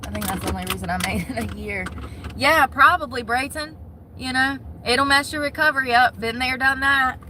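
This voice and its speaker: A woman with a Southern US accent chatting casually and frankly, animated and swearing freely, talking from a car. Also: high-pitched, a little fast, background noise. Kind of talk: casual chat.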